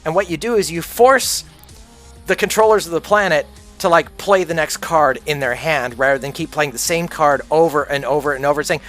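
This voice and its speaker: A man's voice: a little high, moderate pace, a bit bright, faint music behind. A man livestreaming a game, ranting casually in a blunt, profane, opinionated way. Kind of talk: casual rant while gaming.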